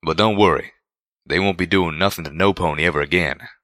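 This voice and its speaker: Guy doing a drawling cowpony, bright folksy voice, dry sound. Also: sits low, a little fast, no room sound.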